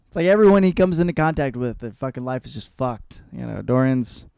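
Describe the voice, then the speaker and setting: Male podcast host, crude rambling comedy, gravelly voice, dry close mic. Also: medium pitch, brisk, no echo. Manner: profane, rambling, animated riffing. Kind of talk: comedic book report.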